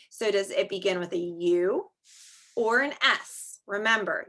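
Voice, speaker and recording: Woman, preschool teacher on a video call; bright, clear tone, exaggerated sing-song delivery. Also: medium pitch, expressive. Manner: sing-song, drawn-out teacher talk for young children. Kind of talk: online small-group phonics lesson. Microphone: screen-share video call.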